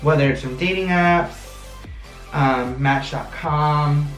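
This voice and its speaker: A young man in a casual storytime vlog, animated and acting out quotes. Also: a little high, slow, faint music behind. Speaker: vlog co-host. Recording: roomy sound from a distance.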